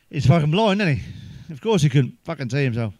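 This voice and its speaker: An English stand-up comedian fires off crude one-liners, swearing freely and chuckling at his own punchlines. His voice sits a little high for a man. The sound is dry and close, with no room echo. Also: a little mellow. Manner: swears heavily, laughs at his own jokes; sips a drink between jokes.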